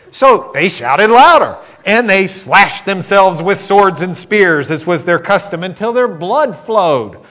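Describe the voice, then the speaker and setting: A man teaching a sermon, telling a Bible story with animated acted-out quotes. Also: sits high.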